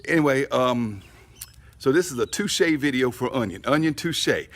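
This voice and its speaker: A man's voice: mid-range voice, expressive, moderate pace, fairly bright tone. Folksy man rambling about barbecue. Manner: folksy, rambling, chatty storyteller. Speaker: barbecue channel host. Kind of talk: casual storytelling vlog. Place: outdoors in his yard at the smoker.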